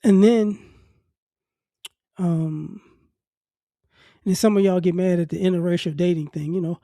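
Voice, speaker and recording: A man with a high, dark, mellow voice and faint traces of a Southern accent, from New Orleans, gives a blunt, casual opinion monologue. He often repeats words as he works toward his point, and the recording is dry and close. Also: takes it slowly, pauses often, no echo. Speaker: commentary vlogger.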